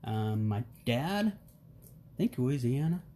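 A man's voice: medium pitch, slow pace. A middle-aged man as a podcast guest, telling family stories in a casual, joking way and acting out the voices in them. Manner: animated storyteller, acts out quotes, jokey. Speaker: interview guest.

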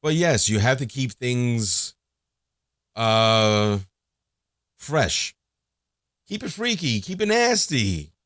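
A man's voice: medium pitch, very animated, slow, pauses often, fairly bright tone, dry recording, clean studio sound. A man hosting a casual solo podcast, crude and joking, rambling with lots of fillers and restarts. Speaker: podcast host.

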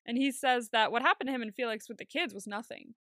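A woman co-hosting a casual TV recap podcast, chatty and quick to swear and laugh. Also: on the high side, sharp tone, no room sound, studio quality. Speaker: podcast co-host.

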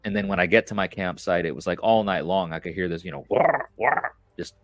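A man with a very low voice tells a story in a loose, rambling way, full of fillers. He sounds close to the mic, in a dry room. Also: steady tone, fast, no echo. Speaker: podcast host. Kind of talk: casual conversation.

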